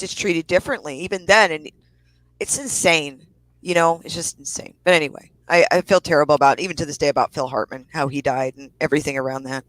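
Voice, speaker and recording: A woman's voice: low-pitched, a bit bright, no echo, rough recording. Furious, swearing woman ranting. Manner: profane, heated ranting. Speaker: co-host. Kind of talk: angry podcast rant.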